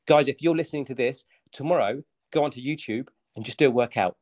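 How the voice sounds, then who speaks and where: A man's voice: medium pitch, fast talker, darkish tone. A man talking as a fitness coach guest on a podcast, upbeat and motivational, with many fillers. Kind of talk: casual podcast chat.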